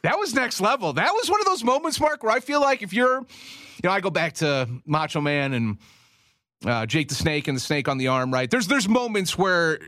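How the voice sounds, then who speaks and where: A man co-hosting a sports radio show, chatting casually, animated and laughing often. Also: high voice, moderate pace, dry recording, studio quality.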